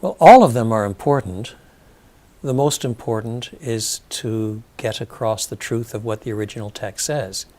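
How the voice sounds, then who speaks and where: Older man explaining in measured tones. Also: fairly low pitch, darkish tone. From brought up in French and English. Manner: measured, explanatory, with frequent ums and restarts. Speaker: interviewed theologian. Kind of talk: thoughtful interview answers.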